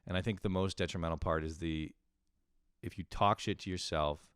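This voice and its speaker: A man's voice: sits low, fairly even intonation, moderate pace, fairly bright tone, clear, resonant tone, no echo. A young man hosting a casual solo podcast, rambling and swearing a lot, laughing at himself as he talks into a close mic. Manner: rambling, profane, self-deprecating, with frequent laughs. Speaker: podcast host.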